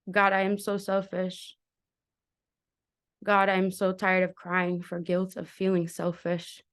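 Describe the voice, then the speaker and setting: A woman's voice: mid-range voice, fairly bright tone, clear, resonant tone. A young woman performing a spoken word poem at an open mic, addressing God over and over with raw intensity. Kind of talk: spoken word poetry reading.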